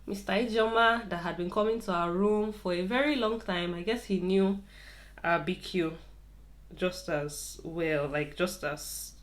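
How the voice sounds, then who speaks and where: A woman's voice: fairly low pitch, measured pace. A young woman casually telling a story while doing her hair, chatty and repeating words for emphasis.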